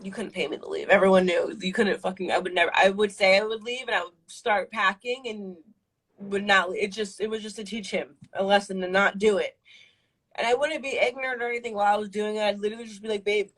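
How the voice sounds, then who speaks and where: A woman's voice: mid-range voice, fast, a bit bright, low-quality recording. Young woman rambling through a personal story. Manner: rambling, filler-heavy, frequent swearing. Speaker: livestream guest. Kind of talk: casual emotional storytelling.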